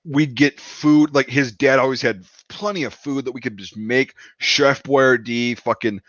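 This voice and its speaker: A man's voice: medium pitch, unhurried, fairly bright tone, dry recording. Profane rambling male storyteller. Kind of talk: casual storytelling. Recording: dull, dry lo-fi sound.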